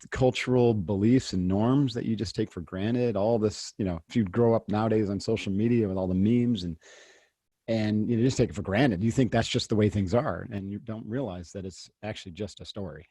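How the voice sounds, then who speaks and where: A man's voice: lowish voice, brisk, warm tone, slightly rough, no room sound, studio quality. A man hosting a podcast interview, asking reflective questions with self-deprecating asides. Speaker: podcast host. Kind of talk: casual interview chat.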